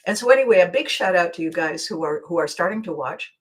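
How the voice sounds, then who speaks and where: A woman's voice: fairly low pitch, animated, quick pace, low-quality recording. A middle-aged woman hosting a casual livestream chat, talky and laughing often, restarting her sentences. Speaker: host.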